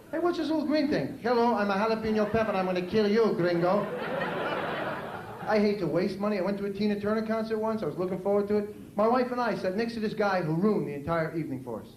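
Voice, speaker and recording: New York comedian on a noisy club tape. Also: male voice, high voice, a little mellow. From New York City. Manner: wry, self-mocking delivery with punchy punchlines. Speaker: stand-up comedian. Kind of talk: stand-up comedy set. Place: comedy club stage before a live audience. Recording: echoey club, noisy old VHS tape.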